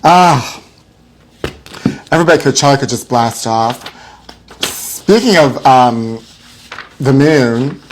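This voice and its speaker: A man's voice: mid-range voice, lively intonation, slow, long pauses, a little hiss or hum. A man hosting a live celebrity gossip show, theatrical and mock-frightened, calling his viewers honey. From Los Angeles area.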